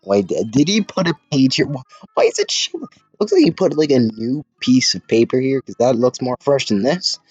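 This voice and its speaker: A man's voice: medium pitch, sing-song, moderate pace, a little mellow, husky, dry recording, highs cut off, faint music behind. A man casually reading a fan comic aloud and commenting, rambling and sarcastic, often trailing off mid-thought.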